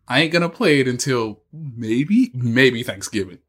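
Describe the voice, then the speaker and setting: A man co-hosting a casual sports podcast, joking and animated, slipping into put-on quotes. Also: medium pitch, measured pace, breathy edge. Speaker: podcast co-host.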